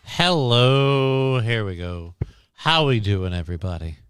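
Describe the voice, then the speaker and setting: Guy streamer chatting casual, keeps restarting words, smooth clear voice, dead dry close mic. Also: mid-range voice, expressive, slow pace, a bit bright, dry recording, faint music behind. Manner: rambling, repeats and restarts words. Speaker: streamer host. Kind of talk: casual livestream chat.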